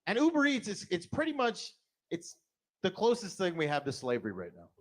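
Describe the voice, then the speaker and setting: A middle-aged man doing a blunt, profane stand-up set, jumping into sudden high put-on voices. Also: wildly swooping pitch, a little fast. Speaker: stand-up comedian.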